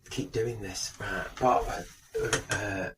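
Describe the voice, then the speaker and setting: A man's voice: lowish voice, fairly even intonation, takes it slowly, distant mic, background noise. A man in casual podcast chat, joking and chipping in. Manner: chatty, jokey, interjecting. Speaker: podcast co-host.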